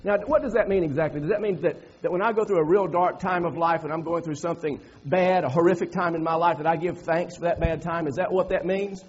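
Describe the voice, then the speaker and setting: A man's voice: a little high, quick pace, few pauses, breathy edge, muffled recording. A man pastor giving a sermon in a church, folksy, repeating phrases and building to emphatic preaching. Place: church sanctuary.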